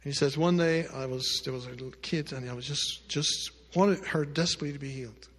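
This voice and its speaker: A male pastor telling a story in a sermon, addressing the congregation directly and moving between loud emphatic lines and hushed quiet ones. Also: on the high side, a little fast, long reverb tail. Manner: speaks directly to the congregation with asides.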